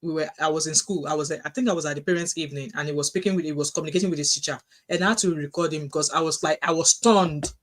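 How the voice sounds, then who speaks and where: Nigerian lady on a livestream, chatty and animated, lots of restarts, reads out comments as she goes. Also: deep voice, very fast, hardly any pauses. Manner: animated storytelling with frequent restarts, reads out chat messages. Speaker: livestream host reading viewer comments. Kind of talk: casual livestream chat.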